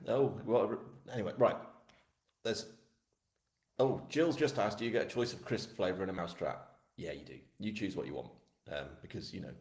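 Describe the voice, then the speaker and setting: A man's voice: low voice, darkish tone. A man from England hosting a live book launch, chatting casually with viewers in a rambling, self-deprecating way. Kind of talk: casual live-stream chat. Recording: echoey room.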